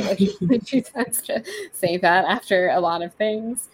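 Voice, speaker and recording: A woman's voice: on the low side, steady tone, normal speed. A woman co-hosting a podcast, casually retelling a novel's scenes in a chatty way, full of quoted dialogue and fillers. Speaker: podcast co-host. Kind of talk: casual book-club chat, retelling a novel.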